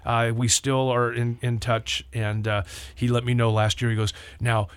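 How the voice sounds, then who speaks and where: An older man, a pastor, telling a personal story in casual talk, acting out voices with lively rising pitch. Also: moderate pace, smooth, dry recording. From Southern California. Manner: animated, acts out quoted voices with rising pitch.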